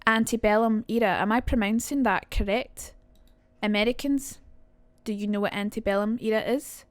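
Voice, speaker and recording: A woman's voice: medium pitch, normal speed, dry recording. Chatty woman streamer. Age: young adult. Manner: chatty, reacts to chat, swears casually. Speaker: streamer teaching accents. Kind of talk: casual live-stream chat.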